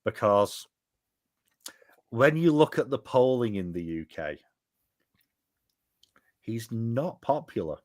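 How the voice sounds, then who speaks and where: A man's voice: medium pitch, expressive, slow pace, pauses often, no echo, studio quality. A man co-hosting a casual livestream, wry and opinionated, sighing now and then. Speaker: co-host on the stream.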